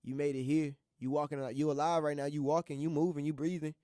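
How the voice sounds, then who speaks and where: A young college student hosting a radio show, talking casually and earnestly, rambling and repeating himself with slang. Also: male voice, fairly high pitch, flat delivery, fast, warm tone, dry recording, studio quality. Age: young adult. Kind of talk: casual motivational monologue.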